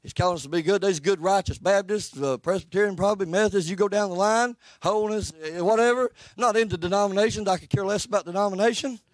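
A man's voice: fast, few pauses, no room sound. A man preaching a sermon in a church, plainspoken and folksy, with an earnest delivery. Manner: plainspoken, folksy and earnest, rising and falling in pitch. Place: church sanctuary.

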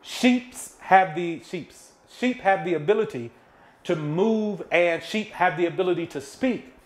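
A man's voice: sits high, measured pace. Casual preaching man in an echoey room. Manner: casual, conversational preaching to teens. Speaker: executive pastor. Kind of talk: youth Bible study talk. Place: church room with a screen behind him.

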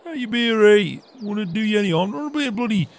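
A man's voice: sits high, animated, very fast. A man playing a blunt, cheerful farm boss, constantly swearing and teasing in game roleplay banter.

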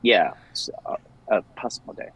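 A man's voice: moderate pace, a bit bright, poor audio. A young man, a dating coach, talking casually and defensively with many restarts. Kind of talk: casual call-in conversation.

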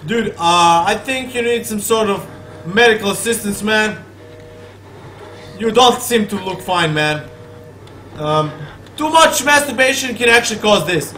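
Guy with a really high sharp voice cussing thru a horror game, super worked up. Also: a little slow, pauses often, roomy sound, faint music behind, poor audio. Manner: excitable, swearing, talking back at the game. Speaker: gamer playing a horror game. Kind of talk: profane let's play commentary.

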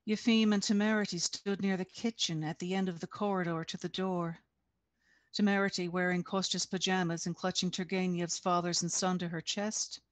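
A woman reads aloud from her own novel in a measured, deliberate way over a video call. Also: lowish voice, fairly even intonation, no echo. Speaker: author reading her novel. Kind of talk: expressive reading aloud.

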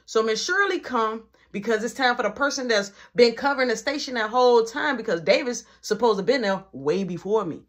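Slangy, animated young man telling a story. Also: very high voice, fairly quick, hardly any pauses. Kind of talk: casual storytime vlog.

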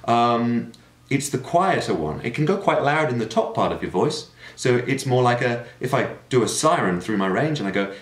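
A man's voice: medium pitch, sing-song, moderate pace. A man explaining singing technique in an explanatory manner, now and then demonstrating sounds. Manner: explanatory, with sung and shouted demonstrations. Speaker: singing teacher. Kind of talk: vocal technique lesson. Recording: echoey room.

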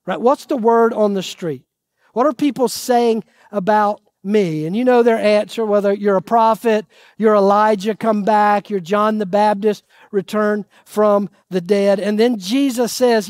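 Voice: medium pitch, measured pace, darkish tone, no echo, clean studio sound. Earnest pastor quizzing the congregation. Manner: asks the audience questions and answers them; earnest, pleading emphasis. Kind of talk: sermon.

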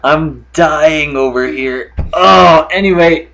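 A young man hosting a gaming channel, giving excited let's-play commentary and laughing hard. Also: fairly high pitch, takes it slowly, creaky.

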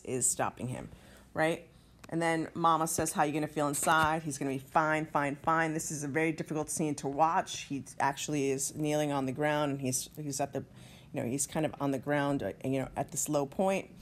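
A woman with a low, grounded voice walks her class through a play scene by scene. She explains as she goes and reads the characters' lines aloud with feeling. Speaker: teacher. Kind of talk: literature lesson walkthrough.

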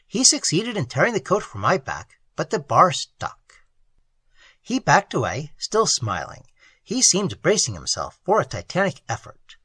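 A man narrating a story in an animated, expressive way. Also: a little high, a little slow, breathy edge, dry recording. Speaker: audiobook narrator.

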